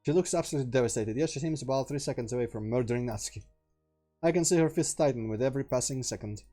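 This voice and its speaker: A man's voice: medium pitch, racing, mellow, soft background music. A young man streaming a visual novel, reading the narration aloud and muttering casual asides.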